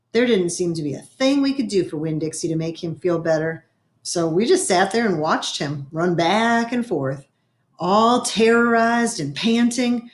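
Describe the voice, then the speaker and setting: A woman reading a children's novel aloud with expressive storytelling, now and then clearing her throat. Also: on the high side. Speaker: reader.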